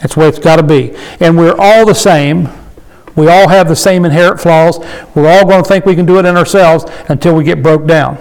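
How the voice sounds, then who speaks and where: Man, high-pitched, informal Bible teacher, reads verses slowly, explains with questions. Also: darkish tone, low-quality recording. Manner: reads scripture slowly, then explains plainly with rhetorical questions.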